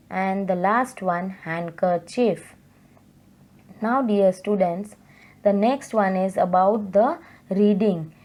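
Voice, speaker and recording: A woman teacher, explaining a lesson to students slowly and carefully. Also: mid-range voice, a little mellow. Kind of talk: recorded online English lesson.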